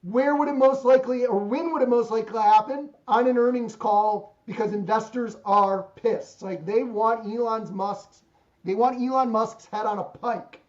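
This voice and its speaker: A man's voice: very high-pitched, moderate pace. Guy on a video call talking stocks, jokey and rambling, kinda muffled audio. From Ohio, USA. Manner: chatty, joking, thinks aloud about markets. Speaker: podcast host. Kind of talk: casual business chat. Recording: slightly dull lo-fi call audio.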